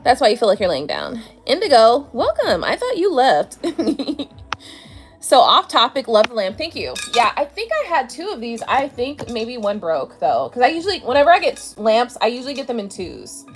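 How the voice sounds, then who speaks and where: A woman hosts a tarot live stream while lying down at home, a little drunk, speaking into her tablet's camera mic with faint music behind her. Her slightly high voice swings hugely in pitch at normal speed. She's blunt, chatty and profane, laughing often.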